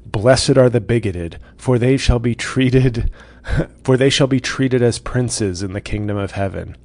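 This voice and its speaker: Parody preacher played by a man: slow, solemn cadence, gravelly. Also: mid-range voice, a little mellow, dry recording, close to an everyday voice. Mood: mock solemn. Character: mock-solemn male preacher reciting beatitudes.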